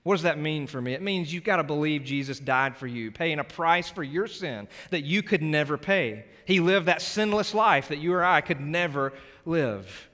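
A male pastor giving an altar call in a church, earnest and pleading, shifting between loud urging and hushed prayer. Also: fairly high pitch, expressive, moderate pace, hardly any pauses. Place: church sanctuary. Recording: long church hall reverb with soft music.

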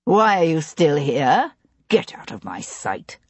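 A woman's voice: low-pitched, sing-song, slow, darkish tone, husky, no room sound, full character voice. A woman voicing a cold, menacing older nobleman who speaks in curt commands in an audiobook. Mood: cold, commanding.

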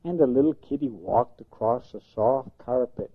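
An older man, a grandfather, slowly telling a gentle bedtime story in a singsong way. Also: medium pitch, expressive, vocal fry. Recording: tinny phone-like sound.

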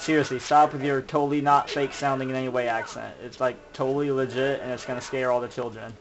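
A man's voice: mid-range voice, flat delivery, fast. A man commenting sarcastically while playing a video game, mocking the characters and cheering himself on. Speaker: gameplay commentator. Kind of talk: sarcastic let's play commentary.

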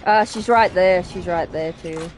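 A woman streaming a game with casual commentary, who laughs a lot and yells at the game. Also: fairly low pitch, unhurried, soft background music.

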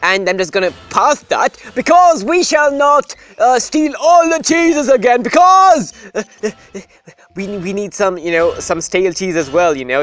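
A gaming host giving playful, rambling let's-play commentary that breaks into sudden excited shouts. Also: medium pitch.

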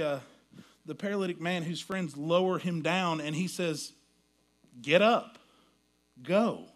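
A man preaching a sermon as pastor, folksy and storytelling, dropping to a hush and rising to loud quoted lines. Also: on the high side.

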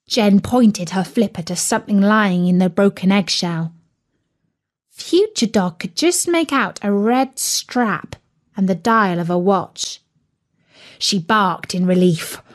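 Slow, expressive woman storyteller. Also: mid-range voice. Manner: slow, clear, expressive reading. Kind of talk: storybook narration for learners.

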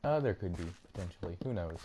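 Deep-voiced young man, laid-back gamer. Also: expressive, fast, noisy background. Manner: laid-back, jokey, slangy. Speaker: host and player. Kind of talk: casual gaming chat.

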